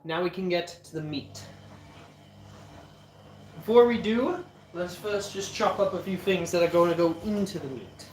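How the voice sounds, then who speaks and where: A man's voice: high voice, moderate pace, long pauses. A young man hosting a cooking livestream, rambling and joking with his chat while he preps food. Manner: rambling, jokey, talks to chat. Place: home kitchen. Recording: echoey kitchen with chopping noise.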